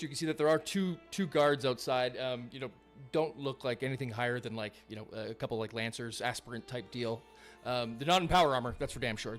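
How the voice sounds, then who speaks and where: A man running a live tabletop game as game master, narrating casually with lots of fillers and swearing. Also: mid-range voice.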